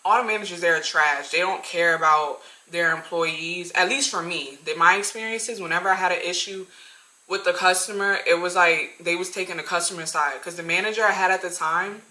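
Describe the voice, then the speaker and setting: A woman in her twenties telling a storytime vlog, slangy and animated, talking straight to her viewers. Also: lowish voice, brisk, echoey room, rough recording. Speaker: vlogger.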